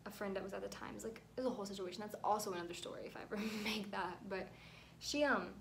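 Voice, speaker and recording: A woman's voice: medium pitch, fairly even intonation, quick pace, vocal fry, a little hiss or hum. Rambling young woman telling a story. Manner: rambling, emotional, near tears at times. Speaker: vlogger. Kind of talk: casual storytime vlog.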